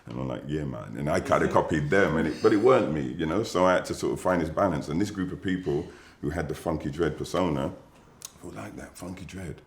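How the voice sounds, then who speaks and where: An English man being interviewed, talking in a measured, musing way with pauses and fillers. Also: a bass voice, reverberant. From England. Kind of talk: reflective interview talk.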